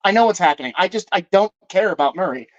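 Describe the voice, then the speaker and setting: A man's voice: sits high, animated, quick pace, lo-fi sound. A man ranting casually about movies on a live stream, profane and rambling, often breaking off and correcting himself. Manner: profane, rambling, self-interrupting.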